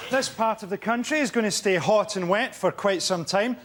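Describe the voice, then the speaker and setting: A man comedian on a panel show, delivering deadpan one-liners as a mock weather forecast. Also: high-pitched, moderate pace, some chatter behind.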